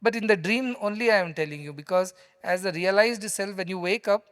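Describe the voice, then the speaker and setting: Man, Indian English accent, spiritual teacher, high voice, conversational and emphatic, long hall reverb. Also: brisk, a bit bright, clean tone. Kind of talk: spiritual discourse with storytelling.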